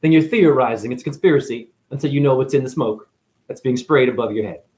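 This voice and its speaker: A man from New England giving a profane, sarcastic monologue to camera, swinging between loud outbursts and near-whispers. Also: mid-range voice, fast. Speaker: spiritual video host.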